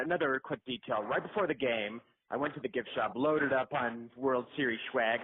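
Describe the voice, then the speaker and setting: A man's voice: medium pitch, a little hiss or hum. A man leaving a voicemail, casually telling a rambling, self-deprecating story full of fillers. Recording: tinny phone voicemail line.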